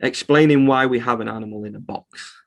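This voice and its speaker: A man's voice: medium pitch, a little fast, creaky. A man who runs a reptile shop, talking heatedly in a casual podcast interview, swearing freely as he rants. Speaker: reptile shop owner, guest.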